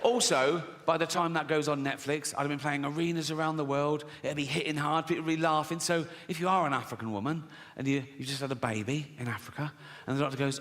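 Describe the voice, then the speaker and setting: A man's voice: a little high, steady tone, fast, a bit bright. A man with an English accent doing a provocative, sweary stand-up routine in a conversational way. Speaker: stand-up comedian. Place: large live venue. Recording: echoey hall with audience noise.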